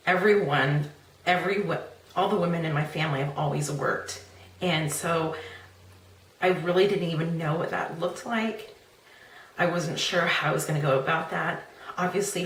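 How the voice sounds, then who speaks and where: Slow, low-voiced woman sharing a testimony. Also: a bit bright. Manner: earnest, heartfelt storytelling with pauses and restarts. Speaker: host. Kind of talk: personal faith testimony. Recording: echoey, a little distant, music behind.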